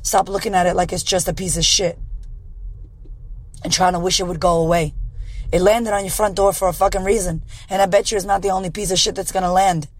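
A woman podcast host with a hoarse, raspy voice, delivering a blunt, profane motivational monologue. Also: medium pitch, no echo, poor audio.

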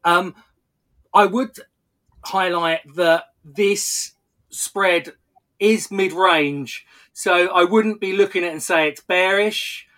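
A man talks through market charts as a podcast analyst, in a somewhat high, bright and tense voice. He explains step by step, stumbling now and then and restarting his sentences. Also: steady tone, slow pace. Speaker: technical analyst.

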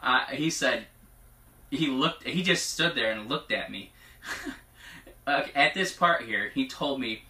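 Bright-voiced man preaching in an echoey room. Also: medium pitch, lively intonation, unhurried. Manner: chatty, laughs often, grows emotional and hushed. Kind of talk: informal prophetic teaching with scripture reading. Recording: echoey room, mic at a distance.

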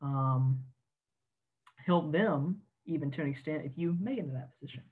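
A man with a slightly high voice speaks earnestly and at a measured pace, often pausing on "um" and correcting himself. He sounds like an army officer joining a podcast, and the audio comes through a thin, tinny, phone-like line. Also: breathy edge. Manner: earnest, measured, frequent ums and self-corrections. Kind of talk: casual podcast discussion.

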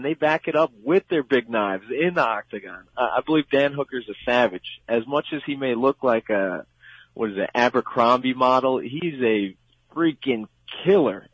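A man's voice: mid-range voice, dry recording. A man with a Long Island accent giving emphatic, opinionated fight predictions on a sports radio show. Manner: emphatic, opinionated, repeats "I believe". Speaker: guest fight analyst. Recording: dull lo-fi radio sound.

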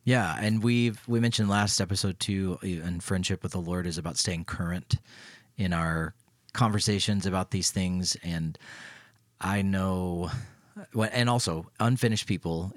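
A middle-aged man from Tennessee co-hosts a faith podcast with a very low voice. He chats in a playful, teasing way. The sound is dry, with no room echo at all. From Tennessee, US South. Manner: playful, teasing, quick to laugh. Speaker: podcast co-host, pastor. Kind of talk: casual conversation.

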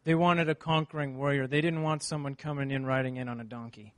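Speaking fast at a medium pitch, a man delivers a sermon, first reading scripture and then sharing a personal story with earnest animation.

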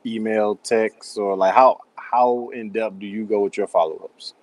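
A man co-hosting a podcast, asking relaxed follow-up questions in a casual conversational way. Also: lowish voice, no echo. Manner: relaxed, short agreeing replies and quick follow-up questions. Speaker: podcast co-host, military recruiter.

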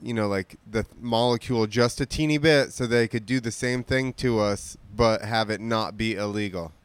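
A man co-hosting a podcast in casual chat, animated and joking, swearing freely. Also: on the low side, moderate pace, clean tone, dry recording. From Georgia, USA. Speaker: podcast co-host.

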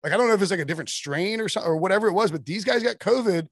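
A man talking casually as a sports writer guest on a podcast, rambling with quick asides and restarts. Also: high voice, expressive, dry recording, studio quality.

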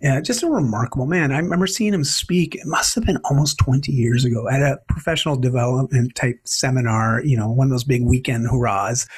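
A man in his forties, an animated guest telling stories in a conversational interview. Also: medium pitch, brisk, few pauses, breathy edge. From Canada. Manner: animated, expressive storyteller.

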